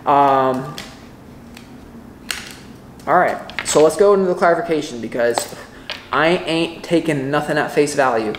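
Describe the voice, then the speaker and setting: A man giving a casual tarot reading to camera, excitable and rambling, often breaking off mid-thought. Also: a little high, moderate pace, echoey room, slight background noise. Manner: rambling, excitable, self-interrupting. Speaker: tarot reader.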